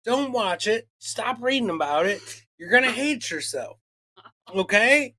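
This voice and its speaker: Man, podcast co-host, profane rant, acts out quotes, bright tone. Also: high-pitched, very animated, measured pace. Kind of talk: casual chat.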